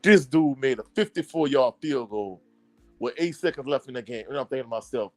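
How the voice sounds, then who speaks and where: A man's voice: mid-range voice, expressive, normal speed. Casual sports-talk host, male, mid-range voice, rambling game recap with self-corrections, faint music underneath. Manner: rambling storytelling with frequent fillers and self-corrections; blunt and exasperated about his team.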